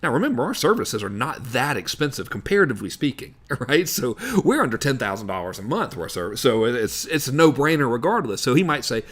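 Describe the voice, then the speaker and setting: A man's voice: medium pitch, big pitch swings, brisk, few pauses, a bit bright. A man coaching on sales in a casual, instructional way, acting out parts of his calls as he explains. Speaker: business coach.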